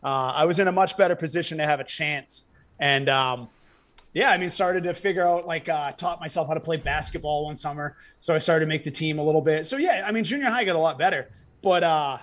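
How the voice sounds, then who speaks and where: Fast-talking comedian guest telling stories. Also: male voice, on the high side, fairly bright tone. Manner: rapid joke-telling, acting out dialogue. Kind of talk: storytelling in casual chat.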